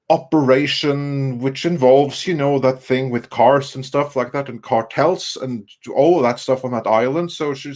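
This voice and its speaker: A man in a mid-range voice hosts a casual online panel, reading viewer comments aloud. He talks in a loose, halting way, full of ums and restarts. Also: medium pitch. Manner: chatty, halting, many fillers and restarts. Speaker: livestream host reading super chats.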